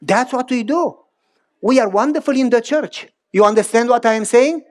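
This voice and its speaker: A middle-aged man preaching a sermon, telling personal stories in an animated way with big pitch swings and repeated phrases. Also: normal speed. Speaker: pastor.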